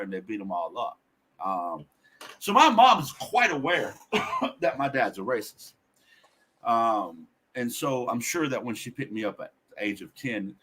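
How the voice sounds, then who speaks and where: Podcast guest, male, husky voice with lively swings in pitch, blunt and profane storyteller. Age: adult. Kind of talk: candid personal storytelling.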